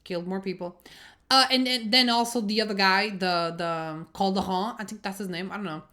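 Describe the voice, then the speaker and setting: A woman casually reviewing TV episodes in a chatty, expressive, rambling way, swearing freely and thinking out loud. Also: medium pitch, brisk. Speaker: TV series reviewer. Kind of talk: casual spoken review vlog.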